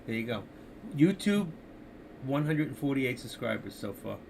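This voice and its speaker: Gravelly older man rambling on a stream. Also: medium pitch, very animated, moderate pace, a little mellow, a little hiss or hum. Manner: rambling, opinionated, talks to viewers directly. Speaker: live stream host. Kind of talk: casual live-stream chat about markets.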